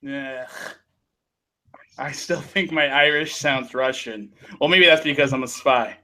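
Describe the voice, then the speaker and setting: A man's voice: medium pitch, a little slow, sharp tone, rough recording. A man hosting a casual talk show, joking and laughing often. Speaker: podcast host. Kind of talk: casual chat.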